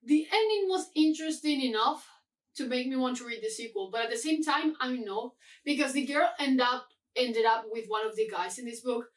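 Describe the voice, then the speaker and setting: A young woman vents about a book in a casual vlog, exasperated and swearing, with heavy sighs. Her voice sits high and sounds a little set back from the microphone. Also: normal speed, distant mic. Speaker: book vlogger. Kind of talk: casual ranting book review.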